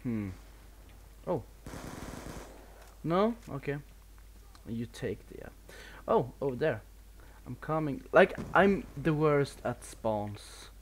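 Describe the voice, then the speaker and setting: Taking it slowly and pausing often, a Swedish man speaks in a mid-range, sing-song voice with a Swedish accent. He's giving casual live commentary on a video game as he plays, a bit nervous, swearing and laughing at himself, over slight background noise.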